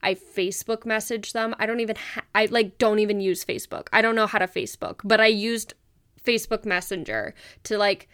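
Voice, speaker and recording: A young woman hosts her own podcast, chatting away frankly and casually. Her voice is smooth and clear, she swears without a second thought and breaks into laughter often. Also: mid-range voice, animated, fairly quick, a bit bright. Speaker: podcast host.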